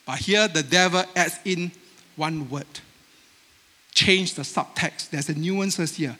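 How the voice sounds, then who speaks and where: A high, bright male voice preaching with an Asian accent, animated and emphatic. He acts out the voices he quotes with sharp bursts of emphasis. The sound rings through a large hall with long reverb. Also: slow. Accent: Asian-accented English. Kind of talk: sermon.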